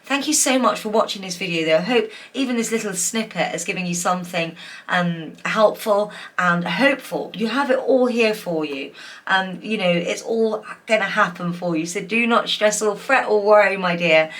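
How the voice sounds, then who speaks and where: A woman's voice: mid-range voice, normal speed, fairly bright tone. A woman giving a pick-a-card tarot reading, emotional and gushing, with many fillers. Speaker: tarot reader.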